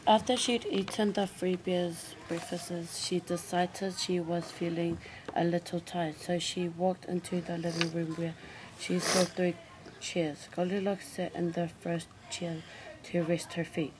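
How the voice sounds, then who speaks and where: A woman teacher reading a storybook aloud in a clear, steady read-aloud manner. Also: lowish voice, a little slow, background noise.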